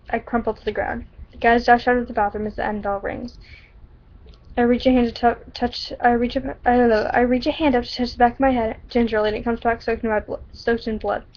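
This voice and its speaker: Girl reading her own story out loud, giggles and trips on words, higher voice, muffled cheap mic. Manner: giggly, stumbles over words. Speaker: amateur storyteller. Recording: dull lo-fi recording.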